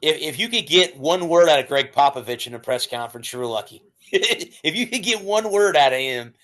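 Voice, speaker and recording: A man's voice: on the high side, animated, moderate pace, a bit bright. A man co-hosting a casual sports podcast, rambling and restarting his sentences as he talks. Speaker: podcast co-host.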